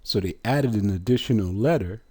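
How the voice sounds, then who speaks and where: A man teaching pronunciation in a slow, deliberate way, drawing sounds out and putting rhetorical questions to his listeners. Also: on the low side, darkish tone, slightly rough. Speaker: religious teacher.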